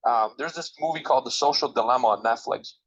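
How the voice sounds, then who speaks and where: A man's voice: medium pitch, fast, husky. An emphatic man speaks as a guest in an interview, coaching the audience directly in a mid-range voice. The recording sounds a bit dull and lo-fi. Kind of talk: motivational advice in a podcast interview.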